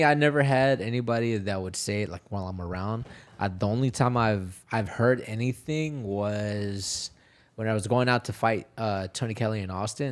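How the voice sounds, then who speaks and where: A man from Texas, a fighter and podcast guest, chatting casually, swearing freely and laughing through his stories. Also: on the low side. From Houston, Texas. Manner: profane, laughing storyteller.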